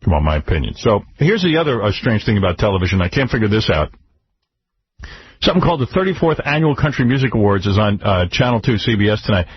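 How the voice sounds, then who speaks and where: A man hosting a radio show, giving wry, deadpan commentary in casual chat. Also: on the low side, fast talker, breathy edge. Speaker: radio host. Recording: dull radio broadcast.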